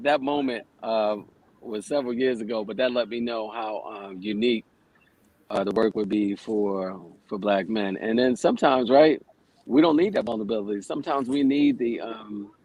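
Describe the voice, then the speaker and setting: A man's voice: mid-range voice, rough recording. A man in his forties, a yoga teacher, telling stories in a casual, plainspoken way as a radio guest. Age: 40s. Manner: conversational, plainspoken, swears casually. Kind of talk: casual radio interview storytelling.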